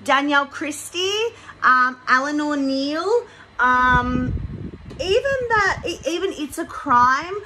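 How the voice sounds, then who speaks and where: A woman's voice: high voice, expressive, slow, sharp tone, slight background noise, rough recording. A woman hosting a casual commentary vlog, rambling with many fillers and restarts. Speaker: commentary channel host.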